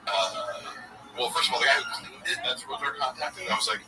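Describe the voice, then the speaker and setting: A young man calling in and telling a story in casual chat, animated and full of filler words. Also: medium pitch, fast talker. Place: online voice chat. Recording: distant mic with music behind.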